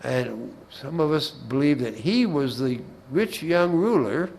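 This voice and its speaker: A man's voice: medium pitch, lively intonation, slow pace, gravelly, a little mellow, slight background noise, rough recording. A man giving a Bible class talk in a folksy way, with humorous anecdotes and asides, often repeating words as he restarts a phrase.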